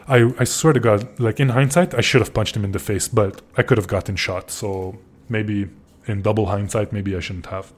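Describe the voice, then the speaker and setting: Low-voiced man telling a rowdy story. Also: normal speed. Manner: profane, excitable, frequent restarts. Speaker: podcast host. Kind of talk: casual storytelling.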